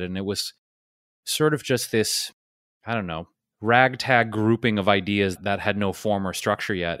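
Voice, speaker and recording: Low-voiced man telling a story. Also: dry recording, studio quality. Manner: relaxed, rambling, many fillers. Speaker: podcast co-host. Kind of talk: casual storytelling.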